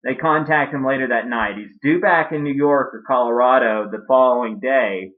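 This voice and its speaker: Male comic storyteller, mid-pitch, rambling and offhand delivery, dull lo-fi recording. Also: normal speed. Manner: rambling, offhand, with crude asides. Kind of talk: comedic storytelling.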